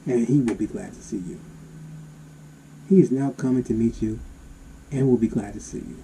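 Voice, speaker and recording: A man reading Bible verses aloud and explaining them in an animated, exclaiming way. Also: mid-range voice, normal speed, creaky, slight background noise, low-quality recording. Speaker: Bible teacher.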